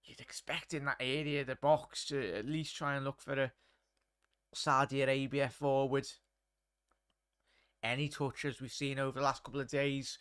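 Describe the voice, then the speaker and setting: This watchalong host is a young man commentating a live match casually, chatting with viewers and reading their messages aloud, chatty and laddish throughout. His medium-pitched voice is steady, clean and a bit bright at normal speed, in studio quality with no echo.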